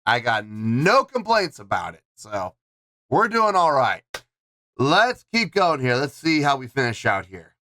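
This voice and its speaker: A man giving casual reaction commentary on a song from his recording setup, talking to his viewers as "folks" in a chatty, animated way. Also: mid-range voice, measured pace. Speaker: music reaction reviewer.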